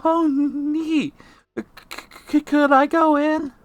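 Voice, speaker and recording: A man's voice: very high-pitched, little pitch movement, takes it slowly, no room sound, pitched above the performer's own voice. A man voicing a small, timid young male hermit crab hero who stammers eagerly.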